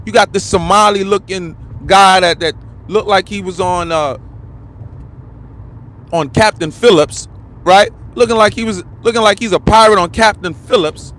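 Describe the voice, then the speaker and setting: Male online commentator, high voice, heated repetitive ranting, slangy street delivery. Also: a bit bright. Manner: heated, repetitive, slangy, calls listener "bro". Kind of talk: impassioned live-stream rant.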